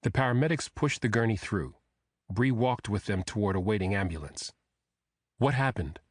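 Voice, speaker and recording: A man narrating a thriller audiobook in a steady, measured reading. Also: fairly low pitch, no echo, studio quality.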